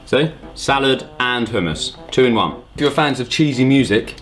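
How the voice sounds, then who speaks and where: A man's voice: mid-range voice, animated, normal speed, over music, rough recording. A man hosting a casual vlog, dry and self-mocking, with lots of ums. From England. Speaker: host.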